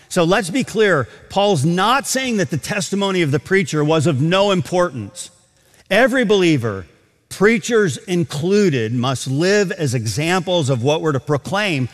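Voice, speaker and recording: A man's voice: high voice, in a large hall. A man preaching a sermon in a large auditorium, reading scripture aloud and explaining it with emphasis.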